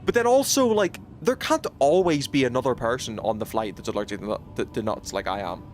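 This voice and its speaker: A man's voice: medium pitch, animated, a little fast, soft background music. A British man streaming a game, chatting casually with his viewers in a rambling way, full of fillers and restarts. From United Kingdom. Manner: rambling, many fillers and restarts, reacts to chat.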